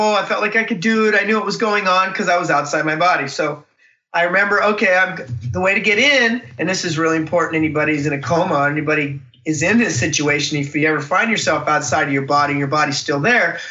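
Man, high voice, animated storytelling, echoey room, muffled recording. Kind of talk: personal storytelling. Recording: roomy, distant, dull recording.

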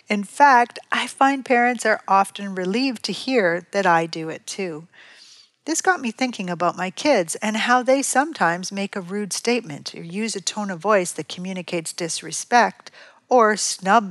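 A middle-aged woman reads a prepared parenting talk in an even, measured manner. Her voice sits at a middle pitch. The recording is dry, with no room sound. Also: no echo. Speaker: parent educator. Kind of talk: scripted reading of a parenting piece.

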